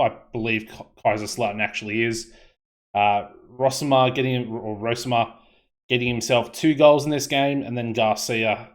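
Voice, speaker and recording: Rambling Australian man commentating a game. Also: medium pitch. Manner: rambling, hesitant, many fillers and restarts. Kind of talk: casual gameplay commentary.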